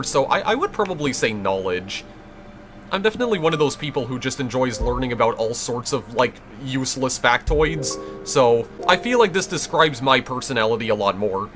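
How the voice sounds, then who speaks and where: Man, let's play commentary, chatty, wry, mid pitch, game music. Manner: chatty, wry, stumbling restarts.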